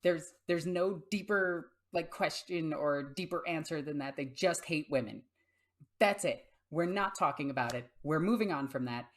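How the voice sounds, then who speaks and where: A woman's voice: low-pitched, normal speed. A young adult woman hosting a casual tabletop gaming video, talking bluntly and swearing freely. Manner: blunt and profane, talks baby talk to her cat. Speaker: YouTube host.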